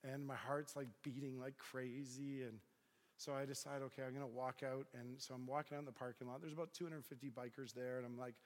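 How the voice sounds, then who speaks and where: A man's voice: medium pitch, fairly quick, long reverb tail. A middle-aged man preaching to a crowd, telling a story with lots of voiced dialogue, as a pastor. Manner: animated storyteller acting out dialogue. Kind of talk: storytelling sermon.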